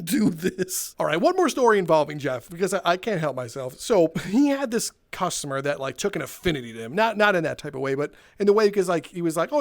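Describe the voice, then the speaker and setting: A man hosting a gaming video, telling animated stories from work and laughing as he goes. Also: high voice. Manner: animated, laughs through his own stories. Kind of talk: casual storytelling while playing a VR game.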